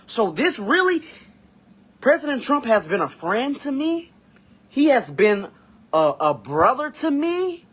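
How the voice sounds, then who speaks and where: A man giving an emotional reaction monologue, fighting back tears, slow and halting with sighs and pauses. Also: very high voice, big pitch swings, fairly bright tone. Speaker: vlogger reacting to news.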